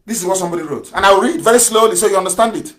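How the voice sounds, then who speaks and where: A man giving an impassioned political radio broadcast, fiery and sarcastic, firing rhetorical questions and breaking into shouts. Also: high-pitched, very fast.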